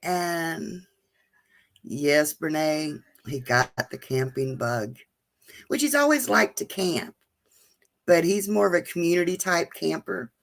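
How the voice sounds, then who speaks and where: A woman's voice: deep voice, expressive, takes it slowly, gravelly. A woman, chatting casually and emotionally with viewers during a live stream. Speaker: vlogger hosting a live chat.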